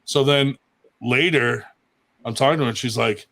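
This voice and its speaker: A man's voice: medium pitch, normal speed, a bit bright. Crude, laughing storyteller man. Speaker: show regular. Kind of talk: casual chat, storytelling.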